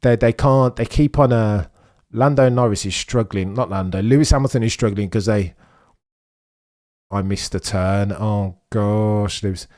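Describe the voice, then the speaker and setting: Speaking a little slowly, a man streams a race watch-along live, excited in his commentary and pleading with drivers. He sinks into low mutters and leaps into high, urgent bursts.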